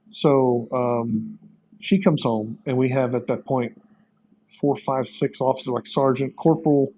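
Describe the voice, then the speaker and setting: Male pastor and ex-cop, 50s, earnest storyteller, halting and emotional. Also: medium pitch, fairly even intonation, a little mellow, low-quality recording. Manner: earnest, self-described crier, halting with many fillers. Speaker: pastor and former police officer.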